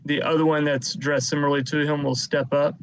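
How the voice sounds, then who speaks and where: Gravelly game master narrating combat. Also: male voice, fairly high pitch, flat delivery, a little hiss or hum, rough recording. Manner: unhurried narration of combat turns.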